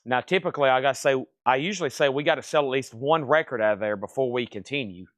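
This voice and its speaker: A man hosts a live record sale, listing one item after another with its price. His voice sits at a middle pitch and sounds close and dry, with little room sound. He talks in a brisk, casual way. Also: dry recording. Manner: brisk list-reading of items and prices, casual. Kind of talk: livestream sales pitch.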